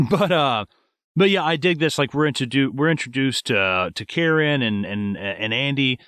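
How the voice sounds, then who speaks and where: A man's voice: mid-range voice, normal speed, no room sound. A man co-hosting a movie podcast, telling stories bluntly with lots of swearing. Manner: blunt, profane, animated storytelling. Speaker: podcast co-host. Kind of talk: casual movie podcast chat.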